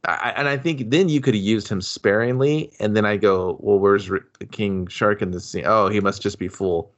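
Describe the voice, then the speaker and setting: A man's voice: on the low side, fairly even intonation, moderate pace. A man co-hosting a podcast, joking and riffing on scene ideas in casual movie chat. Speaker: podcast co-host. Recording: dull lo-fi sound.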